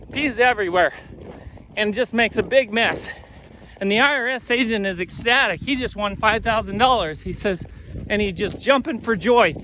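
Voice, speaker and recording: A man's voice: very high voice, pushed and bright, slight background noise. A man, a horse trainer, telling a folksy joke outdoors while riding a horse. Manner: folksy storytelling.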